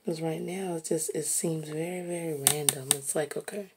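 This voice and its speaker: A woman musing aloud while she draws, slow and reflective, sometimes dropping to a soft whisper. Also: deep voice, steady tone, background noise. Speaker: artist narrating while drawing. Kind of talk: reflective casual monologue.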